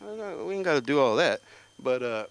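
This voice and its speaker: A middle-aged man doing a stand-up set at a comedy open mic, telling stories and jumping into high voices for other people. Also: sing-song, normal speed, heavy background noise. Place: comedy club stage.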